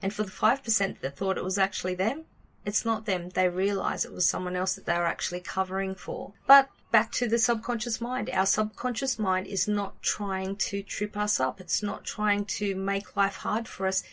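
A woman co-hosting a podcast as a coach, explaining things at length in a relaxed, casual way with everyday fillers. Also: mid-range voice, moderate pace. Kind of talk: casual chat.

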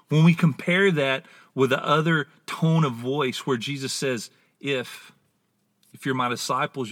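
A man preaching a sermon, teaching in a deliberate, emphatic way and stretching out key words for stress. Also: medium pitch, bright, forceful tone.

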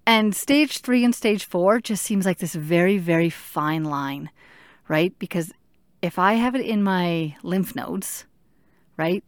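A woman in her thirties telling her own story in an earnest, halting way, stopping to search for words. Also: fairly low pitch, animated, no room sound, clean studio sound. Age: 30s. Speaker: patient sharing her story. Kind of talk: personal storytelling.

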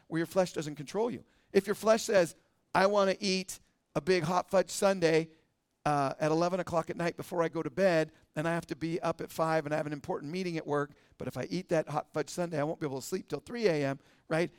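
A man teaching a church service, speaking earnestly in a conversational way, often asking "right?", and reading scripture slowly and deliberately. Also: fairly high pitch, clean tone, no echo, studio quality. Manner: earnest, asks the crowd with a frequent "right?". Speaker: pastor teaching a midweek service.

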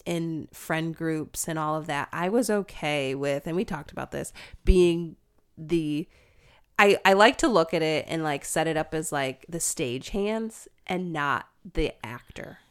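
A woman in a reflective faith chat, talking in a searching way with restarts and quick laughs. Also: low voice, clear, resonant tone.

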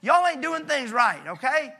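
A male pastor voicing a group of indignant disciples protesting loudly in a folksy way within a sermon. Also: very high voice, big pitch swings, normal speed, vocal fry, voice pushed up, heavily acted. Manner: loud, exclaiming, folksy drawl.

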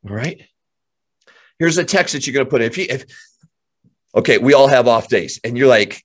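A man with an average-pitched voice delivers a fired-up motivational talk to real estate agents. He speaks emphatically, pushing his points hard and often repeating words as he builds momentum. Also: lively intonation, moderate pace, long pauses, breathy edge.

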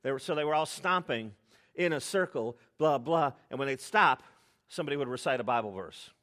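Middle-aged pastor guy, chatty sermon storytelling, mid pitch, gets lively. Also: brisk. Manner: conversational storytelling, animated asides.

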